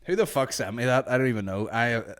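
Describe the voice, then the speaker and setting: A man hosting a comedy podcast, telling stories in a rambling, profane, deadpan way. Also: medium pitch, fast talker, no room sound, clean studio sound. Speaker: podcast host. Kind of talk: comic podcast rant.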